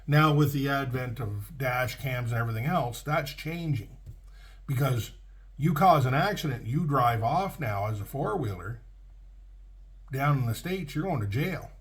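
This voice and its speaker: A man's voice: mid-range voice, expressive, unhurried. A middle-aged man, telling a true story from his trucking days in a casual, folksy way with frequent restarts. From Canada.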